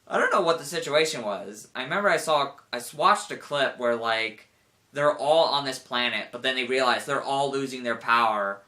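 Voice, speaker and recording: Young male reviewer, bright voice, rambly, heavy on "like", animated retelling. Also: medium pitch, normal speed. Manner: rambling, full of "like", animated quoting with laughs. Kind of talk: casual spoken review.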